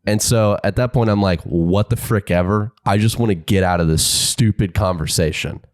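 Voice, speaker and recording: Low-voiced man telling a story. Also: moderate pace, no echo, studio quality. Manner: animated storytelling, laughs often, acts out both sides. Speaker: podcast co-host. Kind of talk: casual chat.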